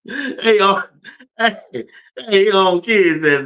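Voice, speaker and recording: A man's voice: medium pitch, very animated, normal speed, fairly bright tone. A man hosting a casual sports talk stream, speaking loosely and colloquially, laughing often and talking straight to his viewers. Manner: addresses viewers and chat directly. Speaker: sports talk show host. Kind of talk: casual sports commentary livestream.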